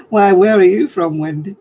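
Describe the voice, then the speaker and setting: An older woman from northern England with a softened regional accent, hosting a casual craft live stream, chatting with viewers and chuckling often. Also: medium pitch, breathy edge, low-quality recording. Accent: softened northern English. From Oldham, England. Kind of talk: casual chat answering viewer comments.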